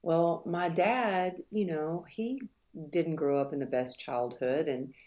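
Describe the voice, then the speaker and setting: A middle-aged woman telling her story as a podcast guest, earnest and reflective, sometimes halting. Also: deep voice, a little mellow. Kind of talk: candid interview storytelling.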